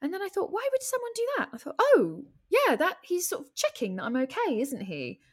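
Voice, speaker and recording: A woman on a podcast, chatting casually and telling personal stories with lively acted-out thoughts. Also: a little fast. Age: adult with a husband and a child. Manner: animated storytelling, acts out her own thoughts in high voices. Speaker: podcast guest, comedian and writer. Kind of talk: casual interview chat.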